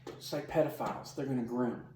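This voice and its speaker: A man's voice: mid-range voice, fairly quick, warm tone, a little hiss or hum. A middle-aged man, a corrections sergeant, giving blunt, emphatic training advice to camera. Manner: blunt, emphatic, tough-talking. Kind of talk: instructional talk to camera. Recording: roomy sound, mic at a distance.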